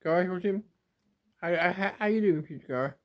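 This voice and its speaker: A man's voice: high voice, moderate pace. Young man rambling, close to tears. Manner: rambling and repetitive, stumbling over words. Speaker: vlogger. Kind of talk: emotional confessional monologue. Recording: dull lo-fi home video.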